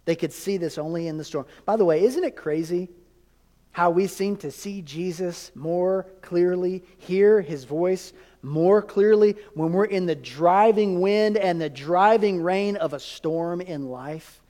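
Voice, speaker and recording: A man preaching from the pulpit with a notably high voice, talking to his congregation in an emphatic, conversational way and tossing them rhetorical questions. His words ring out with the long reverb of a large church sanctuary. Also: measured pace, warm tone. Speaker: pastor. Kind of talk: sermon.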